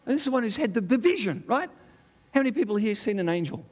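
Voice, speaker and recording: An Australian man in middle age delivers a lively sermon, throwing rhetorical questions and quick asides at his listeners. His voice sits a little high for a man and swings widely in pitch as he presses each point. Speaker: preacher.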